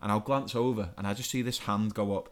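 A man's voice: on the low side, steady tone, quick pace. A young man co-hosting a podcast, ranting in exasperation and stumbling over repeated words. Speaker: podcast co-host. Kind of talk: casual comedic rant.

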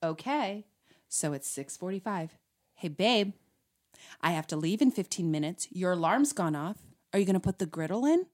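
A woman on a relationship podcast, telling a personal story in a lively way and acting out both sides of an argument. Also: on the low side, moderate pace, dry recording, studio quality. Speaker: podcast co-host. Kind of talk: casual chat about relationships.

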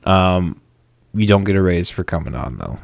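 A man's voice: low-pitched, expressive, moderate pace, creaky, no room sound. A young man hosting a podcast in casual chat, jokey and self-mocking, laughing often. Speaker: podcast host.

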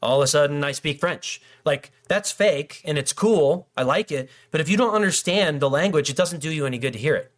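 A man's voice: fairly high pitch, expressive, brisk, hardly any pauses. A middle-aged male pastor preaching a casual sermon, joking and acting out little dialogues between people. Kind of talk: conversational sermon.

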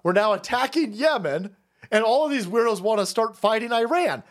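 A man's voice: high-pitched, animated, moderate pace. Foul-mouthed guy in his 40s doing a political rant stream, voice swings all over, mocking. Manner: profane, sarcastic, mocking impressions. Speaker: political livestream host. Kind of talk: ranting political commentary.

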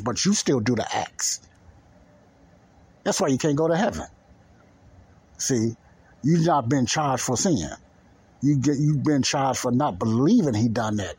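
Male podcast preacher, husky voice, emphatic, repetitive, colloquial and direct with the listener. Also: mid-range voice.

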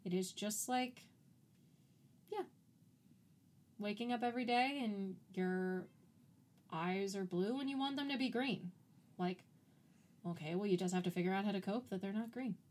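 This podcast co-host has a medium-pitched, darkish voice, speaks at normal speed, and pauses often. Her casual chat is loose and full of "like," with frequent easy laughter.

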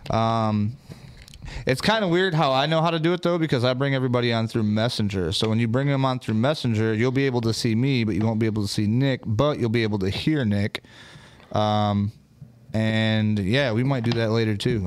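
A man's voice: medium pitch, fairly quick, smooth. A man co-hosting a casual livestream, telling rambling, profanity-laced stories in a laid-back way. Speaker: co-host of a livestream show. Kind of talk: casual chat, storytelling.

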